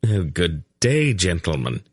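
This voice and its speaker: A man doing a sly, urbane male rogue, low-voiced and unhurried, unflustered and dry. Close audiobook sound with no room. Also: big pitch swings, husky, no echo, heavily acted. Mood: smug.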